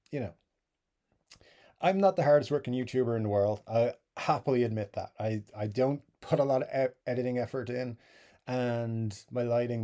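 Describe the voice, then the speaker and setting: A man's voice: medium pitch, dark tone. A middle-aged Irish man hosting a live stream, chatting casually and reading out viewer comments with easygoing, self-deprecating asides. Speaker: YouTube live stream host.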